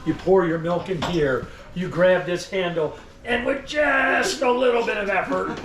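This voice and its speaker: Leading visitors through an indoor store museum, a costumed man takes on the role of a showy old-time salesman, ribbing his audience and addressing them head-on. He has a high, slightly bright voice and an unhurried pace, heard in an echoey space with light background noise.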